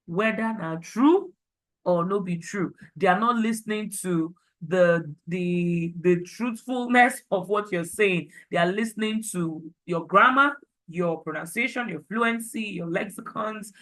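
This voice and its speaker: A woman's voice: lowish voice, a bit bright, rough recording. A Nigerian woman teaching an online class, chatty and encouraging, slipping into pidgin.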